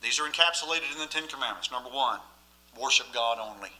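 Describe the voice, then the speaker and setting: A man's voice: medium pitch, quick pace, sharp tone, low-quality recording. A man preaching a sermon as pastor, emphatic and often asking the listeners questions.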